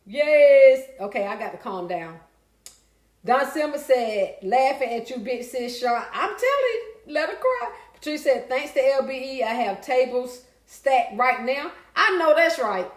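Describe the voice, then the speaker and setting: Woman, high-pitched, echoey room, casual live-stream host, chatty and lively. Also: unhurried. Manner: lively, chatty, breaks into song and laughter. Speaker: livestream host reading viewer comments.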